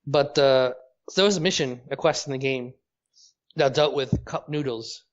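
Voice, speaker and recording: A man's voice: mid-range voice, normal speed. A man co-hosting a casual gaming chat over a call, blunt and opinionated, swearing as he makes his points. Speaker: podcast co-host. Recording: dull lo-fi call audio.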